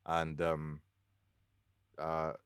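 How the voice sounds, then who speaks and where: A man's voice: extremely low pitch, monotone, very slow, a bit bright, clean tone, no room sound, studio quality. A young man from the UK co-hosting a casual podcast chat, talking hesitantly with many fillers and laughing as he tells a story. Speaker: podcast co-host.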